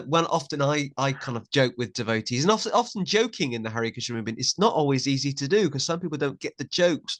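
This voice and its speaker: A man's voice: medium pitch, a bit bright. A man hosting a podcast, chatting casually with a guest and rambling into jokes with many restarts. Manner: joking, rambling, self-interrupting. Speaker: podcast host. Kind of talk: casual interview chat.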